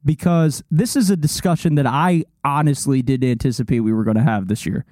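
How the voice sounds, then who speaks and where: A man's voice: medium pitch, brisk, warm tone, dry recording, studio quality. A young man co-hosting a casual sports chat, rambling and laughing as he talks. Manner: rambling, laughs often, mocking put-on voices. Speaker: podcast co-host.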